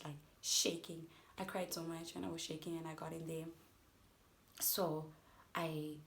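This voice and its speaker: Animated young South African woman vlogger. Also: lowish voice, creaky. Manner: animated, addresses viewers as guys. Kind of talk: storytime vlog.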